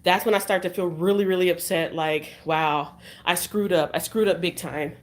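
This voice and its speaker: Walking through her neighborhood outdoors, a woman talks casually to her vlog camera in a fairly low, steady voice at a moderate pace. Her talk rambles and repeats, full of candid self-criticism.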